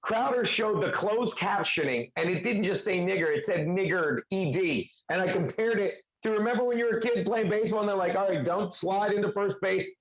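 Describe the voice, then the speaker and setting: A man's voice: high voice, a little fast, hardly any pauses, poor audio. A man cohosting a casual podcast, talking in a brash, profane, mocking way.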